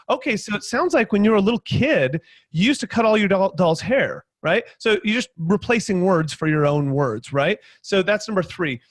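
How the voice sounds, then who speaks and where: A man on a panel video call, explaining sales techniques in lively conversational talk and acting out quotes. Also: high-pitched, moderate pace, no room sound. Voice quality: animated storyteller, acts out quotes loudly.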